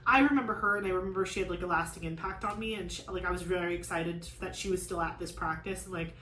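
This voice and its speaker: A woman's voice: fairly low pitch, quick pace, pushed and bright, slight background noise. A woman hosting a crafting vlog, chatting casually and venting with frustration, peppering her talk with "like". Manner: rambling, lots of "like", frustrated venting. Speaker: crafting channel host. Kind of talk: casual chat while crafting. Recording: echoey room with faint ambience.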